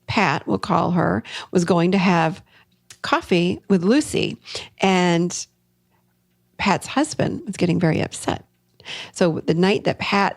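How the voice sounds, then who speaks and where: A woman's voice: lowish voice, creaky, dry recording, studio quality. A middle-aged woman hosting a solo podcast as a therapist, talking animatedly and acting out her clients' words. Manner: animated, acts out client quotes.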